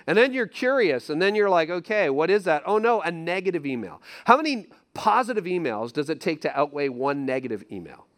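A man preaching a sermon with a slightly raised pitch. He talks to the congregation in a casual, emphatic way and hammers home each point by repeating it. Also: big pitch swings, a little fast, hardly any pauses, a bit bright. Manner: conversational, emphatic, repeats key phrases. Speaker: pastor.

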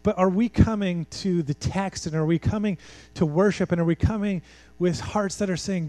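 A man's voice: high voice, moderate pace, dark tone, dry recording. A man preaching a sermon in a church, talking conversationally, pressing his points with emphasis and rhetorical questions. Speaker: pastor.

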